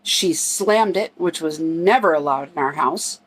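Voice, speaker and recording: A woman's voice: low voice, a little slow, slightly rough. A middle-aged woman casually telling a personal story, talking in a conversational way and acting out the quoted dialogue as she goes.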